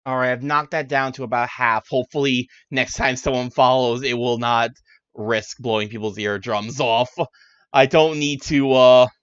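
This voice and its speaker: A man's voice: mid-range voice, fairly even intonation, normal speed, a bit bright, clean tone, no echo, dull audio. A man streaming a game as a VTuber, chatting casually and rambling with frequent restarts. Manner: rambling, self-correcting, chatty.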